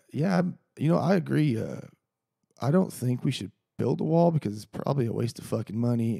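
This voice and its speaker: A man's voice: mid-range voice, creaky, warm tone, no echo, clean studio sound. A man hosting a casual solo podcast, rambling and heated, swearing freely. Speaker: podcast host.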